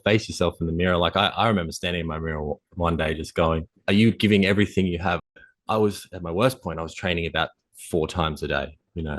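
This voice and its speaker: Male coach guest, rapid-fire delivery, low voice, intense motivational style with swearing. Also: no room sound. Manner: fast, intense motivational talk, casual swearing. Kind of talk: conversational interview.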